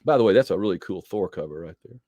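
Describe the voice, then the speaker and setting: A man casually reviewing a comic book issue, animated and digressive, with joking asides. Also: sits low, fast talker, dry recording, clean studio sound. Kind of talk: casual commentary.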